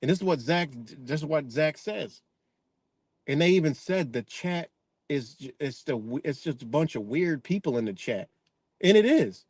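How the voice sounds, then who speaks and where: A man's voice: a little high, lively intonation, moderate pace, a little mellow, husky, dry recording. A man streaming live, delivering a rambling, profanity-laced rant in casual talk while reacting to chat comments.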